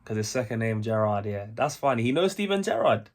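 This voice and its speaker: A young British man hosting a reaction video, talking in an excitable, chatty way with lots of restarts. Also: medium pitch, brisk. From United Kingdom. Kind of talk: casual reaction commentary. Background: faint music from the video he is reacting to.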